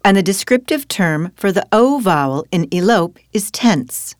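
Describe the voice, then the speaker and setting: Questioning woman teacher with lively pitch. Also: moderate pace, hardly any pauses, no room sound, clean studio sound. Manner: patient, questioning, guides with prompts. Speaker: language teacher. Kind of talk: scripted teaching dialogue.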